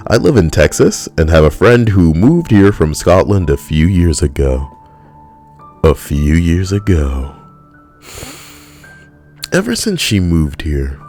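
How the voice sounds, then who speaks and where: A man with a very deep, low voice hosts a comedy list video, reading each entry and breaking off into quick sarcastic asides. Soft music plays faintly behind him. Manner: sarcastic, quick asides, laughs at own jokes. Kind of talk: reading and riffing on a funny list.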